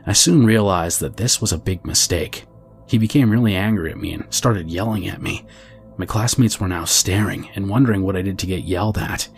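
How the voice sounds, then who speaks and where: A man reading a viewer's true scary story aloud in a steady, measured storytelling delivery. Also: deep voice, gravelly, soft background music. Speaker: horror story narrator. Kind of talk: scripted narration of a reader's true story.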